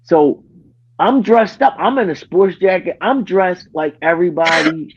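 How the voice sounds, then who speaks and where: A man hosting a podcast, telling a story in casual chat, animated, acting out what others said and often restarting his sentences. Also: high voice, measured pace, breathy edge, dull audio. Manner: animated, acts out quoted dialogue, frequent restarts. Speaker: podcast host.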